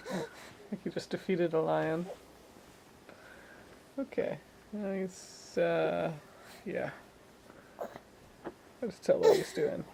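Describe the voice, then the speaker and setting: A woman's voice: on the low side, big pitch swings, takes it slowly, gravelly, long pauses, noisy background. A woman filming a baby at home, coaxing him to talk with playful, sing-song baby talk.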